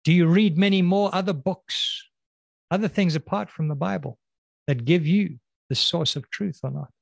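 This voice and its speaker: A man preaching a sermon, pressing the listeners with repeated questions and slowing down to stress key words. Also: high voice, gravelly, no echo. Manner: questioning, emphatic, slows and drops on key words.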